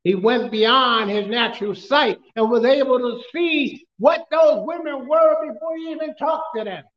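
A male pastor preaching a sermon, telling funny stories with frequent laughter and sometimes shouting questions at the congregation. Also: very high voice, measured pace, reverberant, highs cut off. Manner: storytelling, humorous, laughs often. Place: church.

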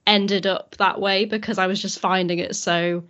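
A young woman on a podcast, chatting in a relaxed, easygoing way. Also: mid-range voice, moderate pace, dull audio. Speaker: podcast contributor. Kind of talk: casual chat.

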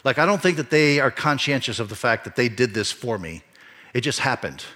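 A man's voice: mid-range voice, animated, fairly quick, sharp tone. A middle-aged man, a pastor, telling a personal story in a sermon, earnest and rising to emphatic peaks. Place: church.

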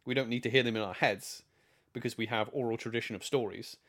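A man's voice: mid-range voice, steady tone, fast talker, fairly bright tone, natural voice. A man speaking as an earnest orc barbarian.

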